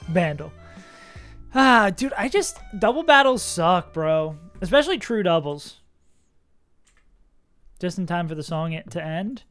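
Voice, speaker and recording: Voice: mid-range voice, sing-song, measured pace, pauses often, a bit bright. A young adult streamer chatting casually with viewers and reacting aloud while playing a game. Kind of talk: casual gaming stream chat. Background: faint music.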